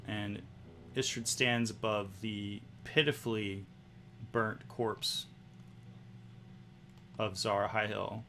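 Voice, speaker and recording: A man narrating as game master, in a slow, hushed style with pauses. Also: on the low side, steady tone, creaky, a little hiss or hum.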